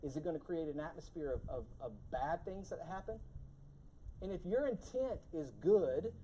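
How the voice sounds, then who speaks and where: Preacher, church sermon, mid-pitched voice, lively and conversational, faint hiss behind. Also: moderate pace, rough recording. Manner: lively, acts out scolding voices and laughs.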